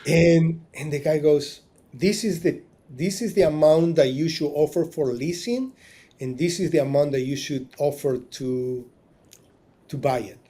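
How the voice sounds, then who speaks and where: A man's voice: on the high side, a little slow, mellow, husky. A man who is a marina business owner, telling his story as a podcast guest, acting out quoted dialogue, getting emotional along the way, and often restarting his sentences. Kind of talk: storytelling in a casual interview.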